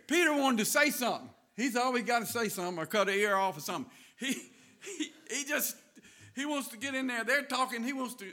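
A man's voice: high voice, pushed and bright. A man with a Southern US accent preaching a sermon in a folksy storytelling way, laughing as he goes.

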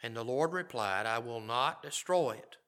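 A man's voice: medium pitch, lively intonation, normal speed, a bit bright. A middle-aged man preaching a sermon, reading scripture aloud and commenting on it in a conversational way. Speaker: pastor.

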